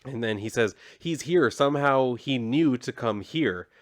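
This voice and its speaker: A man's voice: mid-range voice, animated, a little slow, dry recording, clean studio sound. A man recapping a comic book in a casual, sarcastic and profane way, rambling as he goes.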